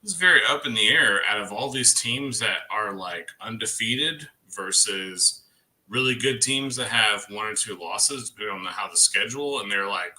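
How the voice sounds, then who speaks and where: Bright, forceful-voiced man chatting casually. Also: fairly low pitch, expressive, moderate pace. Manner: chatty, rambling, laughs easily. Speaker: livestream co-host. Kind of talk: casual chat.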